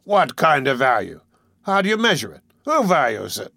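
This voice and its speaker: Harsh, commanding sea captain, cynical and loud, put on by a male reader in a dry audiobook. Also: medium pitch, sing-song, moderate pace, creaky, no room sound, heavily acted. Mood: challenging.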